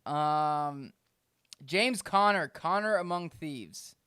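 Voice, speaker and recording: Smooth-voiced man, casual podcast chat. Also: on the high side, normal speed, no echo, clean studio sound. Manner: animated, laughs often while reading names. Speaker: podcast co-host.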